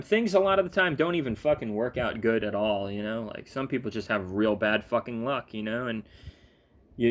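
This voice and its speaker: A young man, sleepy, ranting casually with lots of fillers, restarts and swearing. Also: medium pitch. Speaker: gaming vlogger. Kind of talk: casual rambling rant.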